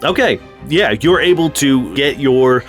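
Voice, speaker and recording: A relaxed man narrates a tabletop game as its master, rambling easily with plenty of fillers. His voice sits at a middle pitch, and soft music plays behind him. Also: measured pace. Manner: casual, loose narration with many fillers.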